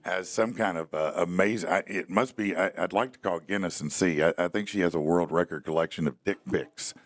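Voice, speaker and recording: A man's voice: low voice, brisk, no room sound. A middle-aged man hosting a podcast, asking questions in a rambling way with many restarts. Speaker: podcast host. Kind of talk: casual interview chat.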